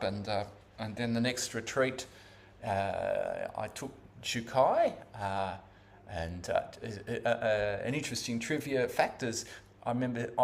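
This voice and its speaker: An Australian man giving a personal talk about his path into Zen practice, speaking haltingly with many fillers and restarts. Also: mid-range voice.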